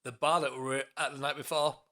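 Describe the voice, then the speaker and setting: A man's voice: medium pitch, level tone, fast talker, bright, forceful tone. A man hosting a podcast, telling stories in casual chat and swearing freely. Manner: chatty, swears, jokey interjections. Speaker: podcast host.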